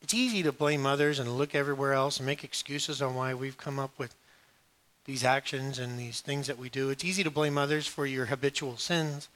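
Bright, joking male preacher. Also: medium pitch, steady tone, a little fast. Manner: jokey storytelling with sudden hushed asides. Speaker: pastor. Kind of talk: sermon.

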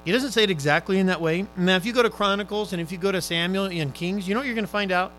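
A male preacher delivering a sermon, exhorting his listeners fervently and swinging between loud urgent appeals and hushed, quiet questions. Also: high-pitched, very fast, slight background noise, low-quality recording.

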